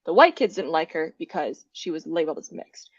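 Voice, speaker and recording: A woman's voice: low voice, sing-song, a little fast, no echo. Casual podcast guest, woman, chatty storyteller, laughs easily; dry, muffled sound. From United States. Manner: chatty, laughs often while telling stories.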